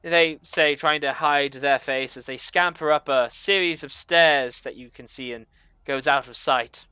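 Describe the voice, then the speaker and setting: GM, bright and crisp, dry close sound, rambling scene narration. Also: mid-range voice, unhurried, no room sound. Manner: loose, filler-heavy description. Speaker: game master. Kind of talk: narrating a tabletop game.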